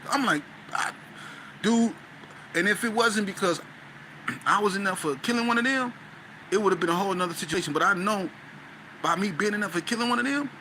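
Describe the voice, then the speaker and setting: A man from Las Vegas, a podcast guest, telling a story in casual, animated street talk that grows loud and high when he gets excited. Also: a little hiss or hum, poor audio. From Las Vegas, West Side.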